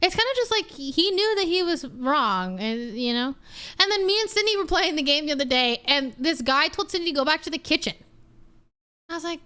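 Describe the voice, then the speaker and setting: A young woman streamer with a high, bright voice tells a story in a loose, ranting way. She talks casually and swears freely. Her pitch sits well above most women's. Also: animated, fairly quick. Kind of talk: casual chat.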